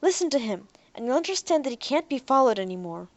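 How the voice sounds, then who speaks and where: An urgent young woman, high and pleading, as a woman narrator puts her on. Her lines come fast and pitched well above the narration. It is a close, dry reading. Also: sing-song, dry recording. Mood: persuasive.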